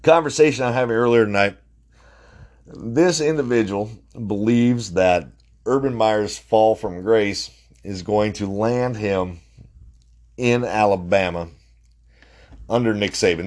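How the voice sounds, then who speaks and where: A man's voice: fairly low pitch, darkish tone. A man in his forties hosting a casual sports podcast, talking bluntly in a rambling way with lots of fillers, restarts and the odd swear word. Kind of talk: casual sports opinion monologue.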